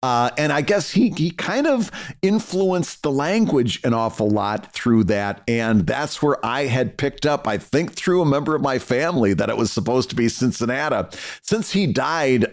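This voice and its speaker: A man's voice: mid-range voice, animated, measured pace. A middle-aged man co-hosting a podcast in casual chat, often stumbling over repeated words and fillers. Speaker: podcast co-host.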